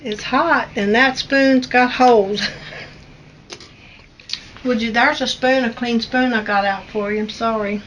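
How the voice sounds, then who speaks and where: A woman's voice: fairly high pitch, fairly even intonation, unhurried, pauses often, far from the mic, noisy background. A woman with an Appalachian accent hosting a home cooking video, talking in a homey, chatty, teasing way in her kitchen. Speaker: cooking show host. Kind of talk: casual kitchen chat. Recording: voice from away from the mic, faint music.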